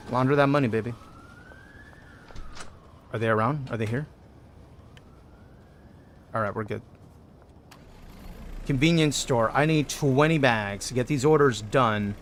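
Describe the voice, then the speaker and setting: A man streaming a game from a home setup, talking to chat into a desk microphone in a casual, joking way. His voice swings widely in pitch as he banters, hums and reacts. A faint hiss sits under the recording. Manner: chatty and joking, greets chat, hums and yells when excited.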